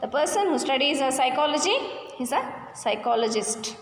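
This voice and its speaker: A woman teaching a lesson, drilling word stress by repeating words slowly, syllable by syllable. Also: sits high, lively intonation. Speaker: English teacher. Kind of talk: classroom lesson explaining pronunciation and vocabulary. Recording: echoey room with long reverb, faint hum.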